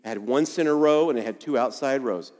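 A man's voice: medium pitch, fairly quick, a little mellow. Man preaching in an echoing hall. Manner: storytelling, acts out quoted voices. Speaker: pastor. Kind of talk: sermon.

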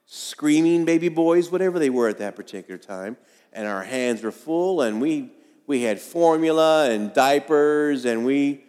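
A man's voice: medium pitch, a little mellow. Folksy pastor in his fifties, echoing hall. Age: 50s. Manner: conversational, folksy storytelling with self-deprecating humor. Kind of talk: sermon. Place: church sanctuary. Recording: long hall reverb.

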